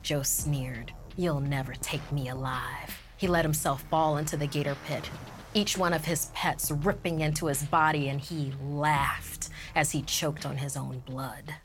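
Low-voiced whispering woman storyteller. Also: fairly even intonation, a little slow. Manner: hushed, often whispering. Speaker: narrator. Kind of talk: scripted horror story narration. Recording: music playing underneath.

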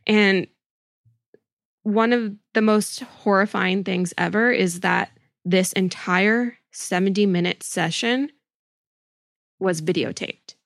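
An earnest woman hosts a true-crime podcast and lays out each point with deliberate emphasis. Her voice has a gravelly texture. The recording is close and dry. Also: mid-range voice, no echo. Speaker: podcast host.

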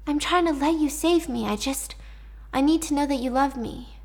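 A woman voicing a needy, manipulative young woman in captivity, talking softly and pleadingly. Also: high-pitched, moderate pace, voice pushed up.

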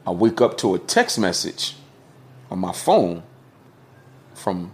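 Podcast guest, middle-aged man, low voice, loose slangy storyteller. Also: very animated, slow. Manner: candid, storytelling, peppered with slang and cussing. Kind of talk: casual podcast conversation.

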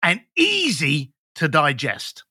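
Guy coaching on a podcast, blunt and punchy, high voice, dry close mic. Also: slow pace, slightly rough, no room sound. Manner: emphatic, blunt, animated. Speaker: guest business coach. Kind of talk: podcast conversation.

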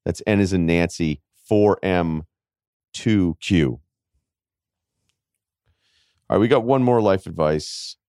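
A man in his forties hosting a casual podcast, telling rambling stories with wry self-mockery and quick asides. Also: low-pitched, darkish tone, smooth, no echo, studio quality. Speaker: podcast host.

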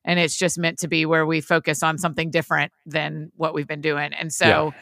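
A woman's voice: sits low, little pitch movement, brisk, creaky, a bit bright, dry recording, clean studio sound. A woman hosting a podcast, chatting casually and laughing often with her co-host. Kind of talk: casual chat.

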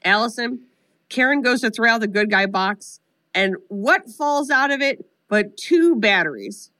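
A woman with a slightly high voice recaps a movie for a comedy podcast. Her storytelling is animated and peppered with swearing and "like". It sounds like loose, casual chat between friends. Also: measured pace. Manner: animated, profane storytelling full of "like". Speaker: podcast co-host.

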